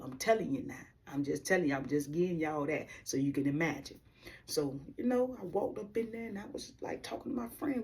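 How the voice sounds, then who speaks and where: Low-voiced woman telling her testimony. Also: darkish tone, far from the mic. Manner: candid, slangy, addresses viewers directly. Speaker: vlogger sharing a faith testimony. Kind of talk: personal testimony storytelling.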